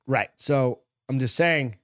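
A man's voice: medium pitch, takes it slowly, a bit bright, dry recording, clean studio sound. Blunt, foul-mouthed man from New Hampshire. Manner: blunt, heavily profane. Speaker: podcast co-host. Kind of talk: casual chat.

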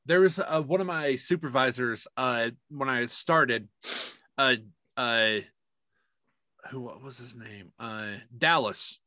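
A man co-hosting a podcast in casual, profane chat. He tells animated stories and acts out the voices in them. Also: medium pitch, takes it slowly, dry recording, studio quality. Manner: profane, animated storytelling with big voiced quotes. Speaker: podcast co-host.

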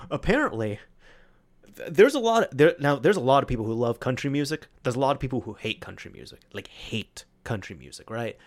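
Young male podcast host, casual rambling storyteller, mid-pitched. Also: big pitch swings, fairly quick. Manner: chatty, rambling with fillers and acted-out quotes.

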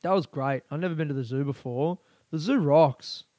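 On the high side and mellow, this young Australian man speaks at a moderate pace with no echo. He's alone on his own podcast, rambling crudely and profanely in an offhand way.

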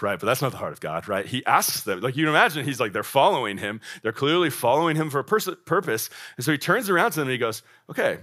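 A young man gives a talk to young adults in a conversational sermon style. His voice moves around freely with an animated pitch. He tags his points with "right?" and "like". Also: quick pace, few pauses. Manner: conversational, keeps saying "right?" and "like". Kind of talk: casual sermon.

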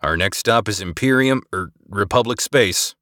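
A man voicing a gruff, wry ship captain giving commands, for an audiobook. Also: fairly low pitch, moderate pace, fairly bright tone, dry recording, clean studio sound, natural voice. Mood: commanding. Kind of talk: scripted audiobook acting.

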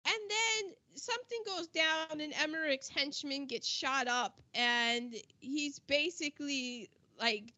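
A high, bright woman's voice that swoops up and down as she chats about a film. She tells the story in an animated, exclamatory way with slang. The recording sounds a bit dull and lo-fi. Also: slow, few pauses. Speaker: podcast co-host. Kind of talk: casual film discussion.

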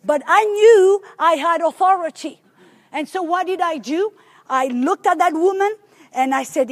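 A woman's voice: very high-pitched, unhurried. A woman preacher teaching a sermon, telling a story with animation and emphasis.

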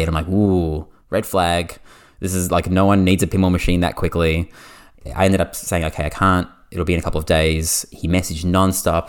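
Low-voiced Australian man telling a story. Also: clean tone. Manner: animated, fast anecdote with lots of "like" fillers. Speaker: podcast host. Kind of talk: casual storytelling.

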